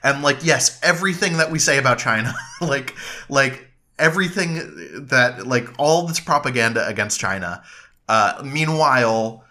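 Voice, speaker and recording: A man chatting on a political podcast in a bright, forceful voice. He talks bluntly, swears freely and leans on fillers. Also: mid-range voice, expressive, normal speed. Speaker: podcast co-host. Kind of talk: casual political chat.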